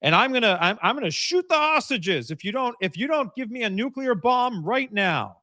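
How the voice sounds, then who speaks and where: A man's voice: big pitch swings, normal speed, no room sound, clean studio sound, full character voice. A man doing a raving hostage taker. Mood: furious. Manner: shouting threats, high strained voice. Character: furious male hostage taker, unhinged.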